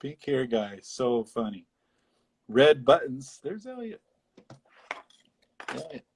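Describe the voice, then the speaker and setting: A man co-hosting a casual podcast, recapping a film in a rambling, animated way with frequent laughter. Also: mid-range voice, breathy edge. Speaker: podcast co-host. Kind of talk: casual film discussion chat.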